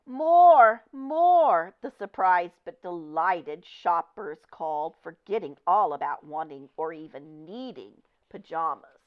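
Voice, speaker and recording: A woman reading a children's picture book aloud with expressive, deliberate storytelling. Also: sits low. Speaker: storybook reader. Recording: dull lo-fi recording.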